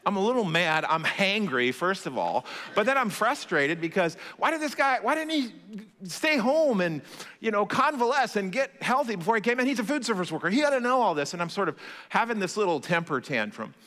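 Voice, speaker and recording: Male pastor, fairly high, bright delivery, long hall reverb, chatty storyteller. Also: fairly quick. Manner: conversational, animated, self-deprecating humor. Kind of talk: sermon with storytelling.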